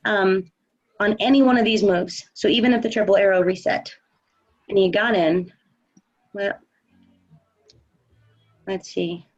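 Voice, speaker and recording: A woman's voice: medium pitch, fairly even intonation, unhurried, pauses often, muffled recording. Confident, chatty woman coaching live. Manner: confident, chatty, many fillers. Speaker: trading coach. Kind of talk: casual live Q&A chat.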